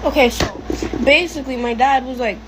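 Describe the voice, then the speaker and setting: Teen girl ranting while doing her makeup, fairly high voice, noisy background. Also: brisk. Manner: venting, talks quietly at times. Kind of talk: get ready with me vlog.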